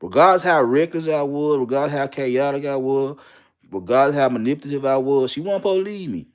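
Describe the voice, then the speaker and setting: A young man tells his own story in plain, unpolished talk. He is blunt and profane and hammers points home by repeating himself. His voice sits at an ordinary middle pitch. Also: lively intonation, a little fast. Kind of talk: candid personal storytelling.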